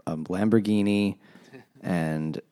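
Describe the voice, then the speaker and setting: Deep, mellow man with dry quips. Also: fairly even intonation, slow pace, clear, resonant tone. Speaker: podcast co-host discussing a book. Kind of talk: casual chat.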